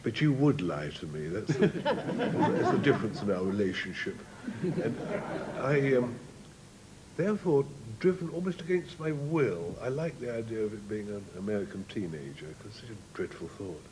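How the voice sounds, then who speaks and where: A man team captain banters in a mock-wounded, teasing style. His low voice moves with lively pitch. A faint hiss sits under the recording. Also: moderate pace. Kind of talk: panel game banter.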